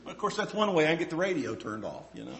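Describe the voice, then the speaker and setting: A man's voice: a little high, very animated, quick pace, a bit bright, slight background noise. A middle-aged male pastor preaching a sermon with folksy, self-deprecating stories. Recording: echoey room.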